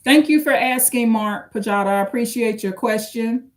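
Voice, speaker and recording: A woman's voice: a little high, normal speed. A woman, chatting casually on a livestream, reading viewer comments and giving blunt advice straight to the camera. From United States. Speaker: livestream host.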